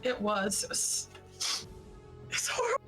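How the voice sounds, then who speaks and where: A woman's voice: mid-range voice, big pitch swings, unhurried, over music, poor audio. A woman playing a tabletop game, joking and playful in casual role-play. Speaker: player.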